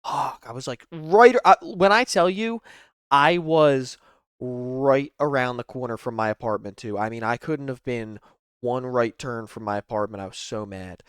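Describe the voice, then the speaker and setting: Male host, smooth resonant voice, dry close sound, chatty and profane storyteller. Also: medium pitch, normal speed, dry recording. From Philadelphia area. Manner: profane, animated anecdote-telling. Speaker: channel host commenting on clips. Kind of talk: casual storytelling commentary.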